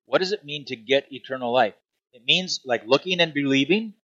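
A man preaching a sermon, emphatic, swinging from loud declarations to hushed asides. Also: medium pitch, brisk, no echo, dull audio. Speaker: pastor.

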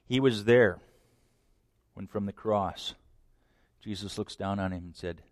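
A man preaching a sermon, dramatic, swinging between loud declarations and hushed lines. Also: on the low side, steady tone, measured pace, pauses often, no echo, clean studio sound.

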